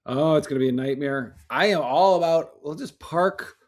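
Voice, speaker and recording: A man co-hosting a podcast, telling stories in an animated, easily amused casual chat. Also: fairly high pitch, normal speed. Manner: animated storyteller, laughs easily. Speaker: podcast co-host.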